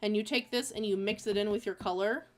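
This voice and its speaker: A woman's voice: medium pitch, fairly even intonation, a little fast, faint music behind. A woman streaming as an artist, chatting casually while drawing, rambling with lots of fillers.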